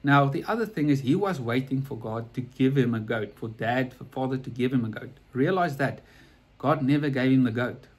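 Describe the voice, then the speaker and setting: Male preacher, earnest conversational storyteller, slightly husky voice, mid pitch. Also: normal speed. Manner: earnest, repeats and restarts words.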